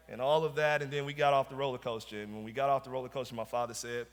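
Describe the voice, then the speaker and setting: Southern preacher guy in a church, story then loud emphatic points, echoey hall. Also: medium pitch, level tone, very fast, few pauses. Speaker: pastor. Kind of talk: sermon. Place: church sanctuary.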